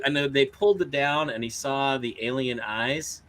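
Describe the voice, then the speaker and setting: A man's voice: medium pitch, fairly quick, few pauses, sharp tone. A man co-hosting a talk show, telling stories casually and acting out quotes in a raised voice. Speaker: co-host. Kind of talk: casual storytelling chat.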